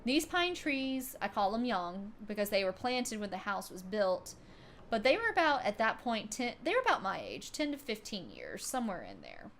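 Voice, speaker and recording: A woman's voice: mid-range voice, wildly swooping pitch, normal speed, a bit bright, slight background noise. A woman livestreamer casually telling a story to her chat, swearing freely and laughing often.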